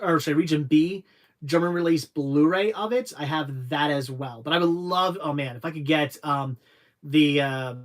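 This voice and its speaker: Reading viewer questions out loud during a casual livestream, a young adult man with a somewhat high voice responds in a rambling, halting way with frequent restarts. His tone is fairly bright.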